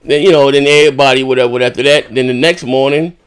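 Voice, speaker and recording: A man hosting a podcast in casual chat, rambling and swearing as he retells a dispute with animated indignation. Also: medium pitch, very fast, smooth. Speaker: podcast host.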